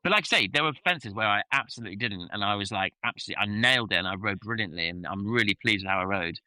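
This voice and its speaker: Man, podcast co-host, low-ish voice, dry close sound, candid self-critical chat with fillers. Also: animated, very fast, pushed and bright, no room sound, rough recording. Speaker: podcast co-host and event rider.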